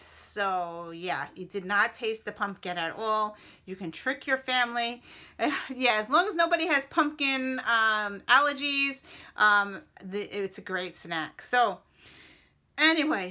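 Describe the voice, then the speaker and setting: A woman's voice: medium pitch, bright, forceful tone. A middle-aged woman talking casually to her vlog audience in a rambling, chatty way with many fillers. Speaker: vlogger.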